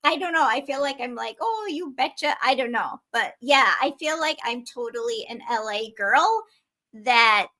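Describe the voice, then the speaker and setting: A woman with a Minnesotan accent, an author chatting as a podcast guest. Her voice is high and bright, and her tone stays upbeat. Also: expressive, moderate pace. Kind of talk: casual chat.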